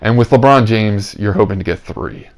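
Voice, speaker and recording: A man's voice: on the low side, moderate pace, vocal fry. A young man hosting a casual podcast, talking in rambling, filler-heavy, upbeat bursts. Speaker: podcast host. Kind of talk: casual chat.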